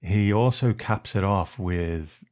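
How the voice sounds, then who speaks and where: A man's voice: deep voice, slow pace, darkish tone. An English man co-hosting a film podcast, talking in an easygoing storytelling way with chuckles. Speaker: podcast co-host. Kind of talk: casual podcast chat.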